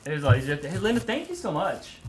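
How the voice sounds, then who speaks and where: A woman's voice: low voice, fast talker, a little hiss or hum. A woman co-hosting a painting stream, chatting casually and rambling as she unwraps gifts. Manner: rambling, animated, trips over words.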